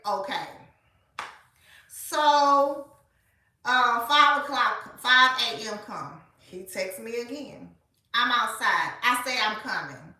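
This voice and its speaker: A woman, telling a story in a casual, animated way and speaking straight to her listeners. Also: on the high side, distant mic. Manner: animated, colloquial, addresses listeners as y'all. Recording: echoey room, voice off-mic.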